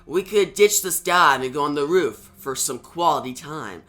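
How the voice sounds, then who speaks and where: A man reading the lines of a sardonic young woman mercenary in a comic recap, in a flat voice close to his own. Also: on the high side, normal speed. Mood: teasing.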